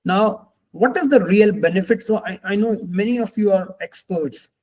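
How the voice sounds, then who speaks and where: A man's voice: high-pitched, normal speed, a little mellow, rough recording. Earnest man coaching a group. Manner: reflective, earnest, repeats phrases for emphasis. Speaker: life coach. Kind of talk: group coaching call talk.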